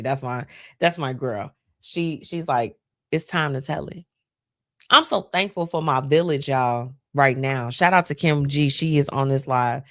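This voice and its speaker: A woman's voice: very deep voice, no echo, clean studio sound. A woman hosting a live stream, talking casually and emotionally about her friends. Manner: chatty, heartfelt, emotional. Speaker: host.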